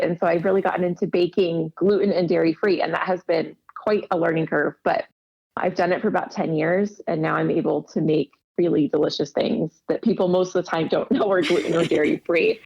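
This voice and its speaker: A woman's voice: fairly low pitch, fairly even intonation, brisk, vocal fry, a little mellow, husky. A woman casually telling stories in an interview, laughing often and acting out quoted dialogue. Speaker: podcast guest, quilter. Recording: dull lo-fi audio.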